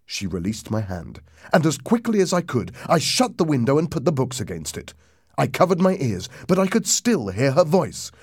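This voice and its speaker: A man narrating a ghost story aloud in a lively, dramatic reading that drops low and hushed for suspense. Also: moderate pace, husky, no room sound, studio quality.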